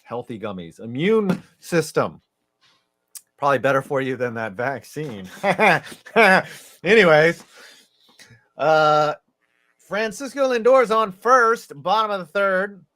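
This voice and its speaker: Guy with a kinda high voice rambling about a ballgame, cracks himself up. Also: animated, measured pace, a bit bright. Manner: rambling, laughs at his own jokes. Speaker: co-host. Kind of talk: casual baseball watch-along chat.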